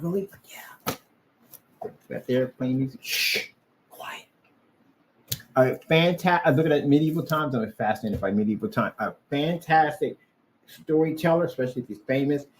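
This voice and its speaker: A man's voice: medium pitch, slight background noise, rough recording. A man giving a rambling, boastful vlog monologue, repeating himself as he talks. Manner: animated, boastful, repetitive. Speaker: vlogger.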